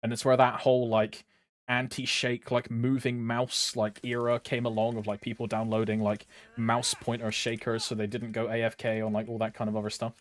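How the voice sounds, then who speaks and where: A man's voice: medium pitch, monotone, moderate pace. A young man from Britain, chatting casually on a game stream, rambling with lots of fillers and humming to himself. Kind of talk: casual live-stream chat.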